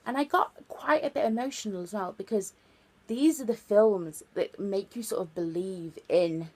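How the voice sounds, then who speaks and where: A woman's voice: medium pitch, normal speed, warm tone. A woman of twenty telling a chatty, earnest story for her vlog, full of fillers and repeated words. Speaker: vlogger.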